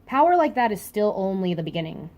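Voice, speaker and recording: A woman reading aloud the lines of a calm, powerful male mentor figure in a measured way. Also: medium pitch, close to an everyday voice.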